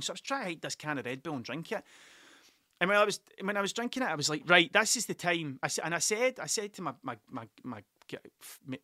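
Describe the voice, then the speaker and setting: A man's voice: a little high, sharp tone, no room sound, clean studio sound. A man, the podcast's host, telling a rambling, sweary and self-mocking story in casual monologue into a desk mic.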